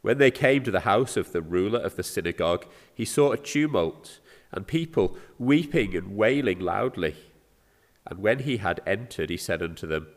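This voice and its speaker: A man's voice: low-pitched, lively intonation, moderate pace. A man with an English accent preaching a sermon, earnest and often asking his listeners rhetorical questions. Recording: reverberant hall.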